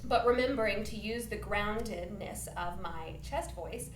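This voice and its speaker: A woman's voice: medium pitch, a little slow, roomy sound, slight background noise. A woman teaching a children's singing lesson, upbeat and encouraging, demonstrating points with her own voice.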